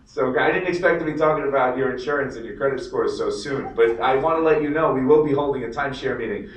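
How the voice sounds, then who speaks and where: A man's voice: mid-range voice, fast, slight background noise. A man hosting a live stand-up set, brash and profane, teasing the audience during crowd work. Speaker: comedy host. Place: casino showroom. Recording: roomy live recording from far off with crowd.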